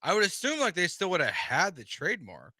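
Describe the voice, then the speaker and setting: A male sports radio co-host who makes dry, joking remarks. His pitch moves in a lively way and his tone is bright and forceful. The sound is close and dry, as in a studio. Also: a little fast, no room sound. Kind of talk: sports talk radio banter.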